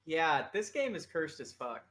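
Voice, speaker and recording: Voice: mid-range voice, sing-song, unhurried, fairly bright tone. A game master narrating a casual tabletop game, laughing often and filling gaps with ums. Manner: laughing, filler-heavy narration.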